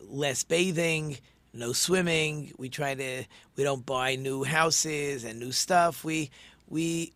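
A man's voice: on the high side, fairly bright tone, no echo. A man leads an informal religious lesson in a somewhat raised register. He talks it through conversationally, full of rhetorical questions, ums and little restarts. The sound is dry and close. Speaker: Torah teacher.

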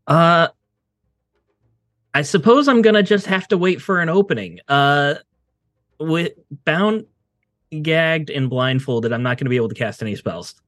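Man, tabletop player, wry and joking, slightly high voice, dry close sound. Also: lively intonation, measured pace, long pauses, fairly bright tone, dry recording. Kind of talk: casual tabletop play.

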